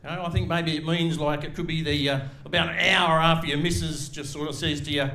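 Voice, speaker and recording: A man's voice: on the high side, steady tone, fast, hardly any pauses, bright, forceful tone. A middle-aged man with an Australian accent doing a live stand-up set on a comedy club stage, crude and swearing as he teases the crowd. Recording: echoey live club room.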